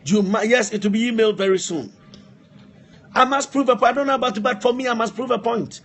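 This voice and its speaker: A man's voice: very high-pitched, fast talker, fairly bright tone. A man preaching a live-streamed sermon, repeating phrases for emphasis and breaking off to speak to helpers. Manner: repetitive, emphatic exhortation, asides to helpers.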